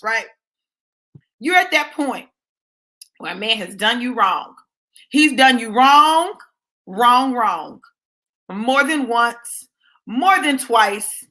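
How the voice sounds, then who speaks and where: Animated woman telling a story. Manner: animated, swings from low asides to high exclamations; talks straight to viewers, frequent "right?". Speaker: vlogger. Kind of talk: casual storytelling monologue.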